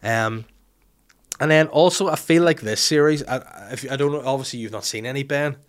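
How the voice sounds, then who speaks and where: Northern Irish man, casual host chat, animated, teasing, sweary. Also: mid-range voice, brisk, smooth. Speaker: podcast host.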